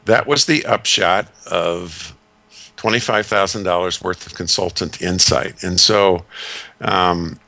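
A man in his sixties, a discipleship consultant, telling stories and giving advice in a measured, folksy way with many fillers. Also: deep voice, vocal fry, bright, forceful tone, no echo. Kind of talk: radio talk segment.

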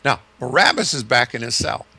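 A man's voice: mid-range voice, wildly swooping pitch, a little fast, creaky, pushed and bright, husky. A man preaching a sermon, retelling a story vividly with dramatic shifts in emphasis.

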